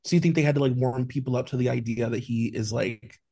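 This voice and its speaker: A man's voice: mid-range voice, quick pace, dark tone, husky, no room sound. Male co-host, emphatic and swearing, dry studio sound. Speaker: podcast co-host. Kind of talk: casual pop-culture chat.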